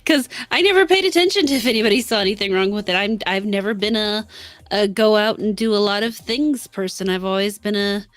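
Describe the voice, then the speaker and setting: A woman's voice: mid-range voice, brisk, no echo. A woman co-hosting a casual livestream chat, easygoing in how she talks. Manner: easygoing, calls herself a homebody.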